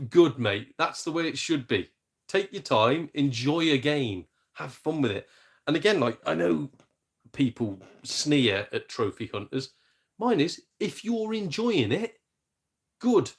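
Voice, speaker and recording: A man hosting a casual live game stream, chatty and self-mocking, reading out viewers' messages. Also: mid-range voice. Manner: chatty, jokey and self-mocking, with mild swearing. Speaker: gaming streamer.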